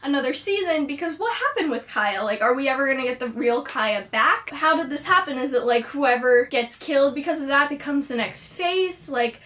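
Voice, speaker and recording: A woman's voice: high voice, expressive, moderate pace, few pauses, a bit bright. A young woman vlogger recapping a TV episode in a gushing, chatty way. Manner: gushing, fangirlish, many likes.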